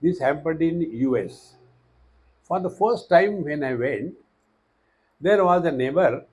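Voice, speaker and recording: A man with an Indian English accent delivers a spiritual discourse in a fairly high, husky voice. He teaches through humorous anecdotes, rushing some phrases and stretching others for emphasis. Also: expressive, poor audio.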